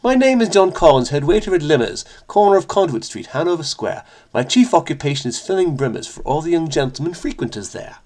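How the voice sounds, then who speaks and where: A man's voice: a little high, very animated, a little fast, hardly any pauses, darkish tone. A man putting on an exaggerated, mixed British accent to recite a rhyme as a male head waiter. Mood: recitation. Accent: put-on mixed British accent.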